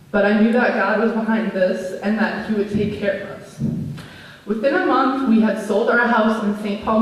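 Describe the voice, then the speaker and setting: A woman, a pastor's wife giving an earnest, personal anniversary speech read from her notes in a church. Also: medium pitch. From Minnesota, USA. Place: church sanctuary. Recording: echoey church hall, mic from a distance.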